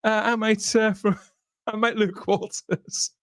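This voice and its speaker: A man's voice: high-pitched, flat delivery, unhurried, no echo, clean studio sound. A man from Birmingham, England, hosting a casual podcast livestream in a jokey, chatty way, often laughing. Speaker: host.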